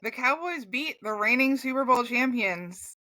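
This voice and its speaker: Woman, bright tense tone, chatty, casual sports podcast co-host. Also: a little high, animated, unhurried.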